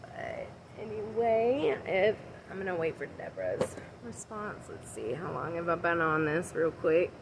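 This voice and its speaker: Outside her house, a woman livestreams a casual tarot and oracle card reading, rambling and chatting while greeting viewers by name. Her lowish, creaky voice is very animated yet unhurried, with background noise behind her.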